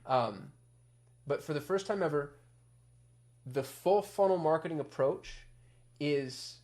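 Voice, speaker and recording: A man's voice: a little high, slow, darkish tone. A man hosting a casual marketing explainer, chatty, with many ums and restarts, getting fired up as he goes. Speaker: marketing agency host.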